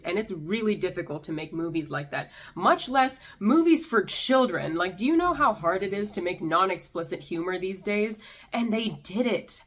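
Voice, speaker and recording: A young woman hosting a commentary vlog, delivering an exasperated, sarcastic rant. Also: mid-range voice. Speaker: YouTube commentator.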